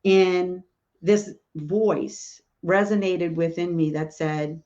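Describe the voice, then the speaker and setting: A woman's voice: fairly low pitch, steady tone, slow, warm tone, dull audio. A woman, a spiritual medium, telling a personal story in a casual, rambling way, full of "you know" and "like".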